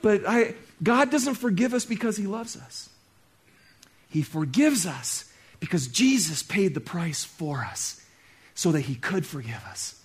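A male pastor preaching a sermon, talking straight to his congregation and swinging between loud exclaiming and soft, hushed stretches. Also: high-pitched, lively intonation, measured pace, husky. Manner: conversational, talks straight to the congregation.

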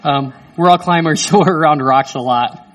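High-voiced, animated male pastor. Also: normal speed. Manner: animated, self-mocking storyteller. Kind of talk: sermon with personal story. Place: church hall. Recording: voice distant from the mic.

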